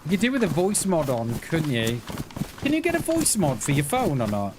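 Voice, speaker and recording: A man's voice: on the high side, huge pitch swings, normal speed. A man chatting in a rambling, chummy way with his viewers while he streams a game. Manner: rambling, chummy, addresses chat as mate and buddy. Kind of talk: casual live-stream chat while playing. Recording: clear game noise behind the voice.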